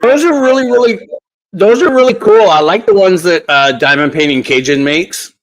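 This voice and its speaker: A chatty man hosting a relaxed live craft chat, voice sitting a bit higher than most men's. He repeats himself often and laughs easily as he reads out viewers' comments. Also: normal speed, low-quality recording. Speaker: craft channel host. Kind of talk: casual live-stream chat.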